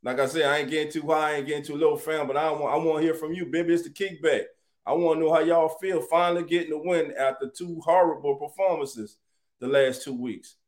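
A man hosts a casual live sports talk stream. His voice sits a bit high for a man. He talks in an animated way and greets his viewers by name as family. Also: brisk. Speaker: sports talk show host.

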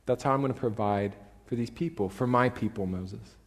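A preacher voicing God, calm and assuring. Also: male voice, medium pitch, moderate pace, close to an everyday voice. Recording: long reverb in a church hall.

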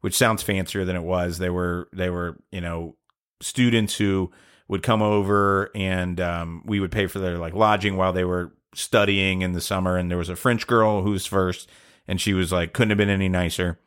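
A man's voice: sits low, fairly even intonation, moderate pace, a bit bright, smooth. A middle-aged man co-hosting a podcast, telling a long, rambling, self-deprecating story in casual chat. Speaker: podcast co-host.

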